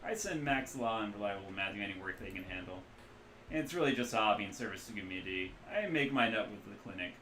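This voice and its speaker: Here a man voices a middle-aged back-alley doctor who is hungover yet cheerful, bragging loudly in a folksy Midwestern accent. He talks fast in a lowish, animated voice. A slight hiss or hum sits under the roomy, echoing recording.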